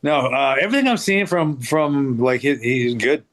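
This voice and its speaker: A man's voice: mid-range voice, animated, normal speed, a bit bright. Laid-back swearing man telling stories. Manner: laid-back, profane, many fillers like "like". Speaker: guest wrestler. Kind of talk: casual podcast storytelling.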